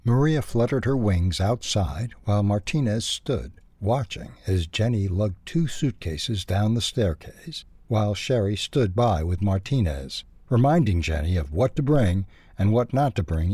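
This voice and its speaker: A man reading a children's storybook aloud, expressive and lively. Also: lowish voice, normal speed, few pauses, slightly rough, no room sound.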